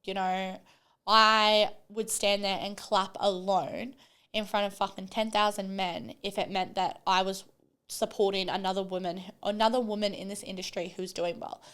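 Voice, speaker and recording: A woman's voice: mid-range voice, level tone, normal speed, a bit bright, smooth. A young adult woman hosting a solo podcast, talking bluntly and passionately and swearing freely. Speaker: podcast host.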